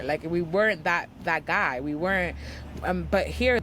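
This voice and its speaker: A young woman from the United States, a podcast guest chatting casually and telling animated travel stories. She acts out other people's lines and fills her talk with "like.". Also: low voice, moderate pace, a little hiss or hum. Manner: animated storyteller, acts out quotes, says "like" often. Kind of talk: casual chat.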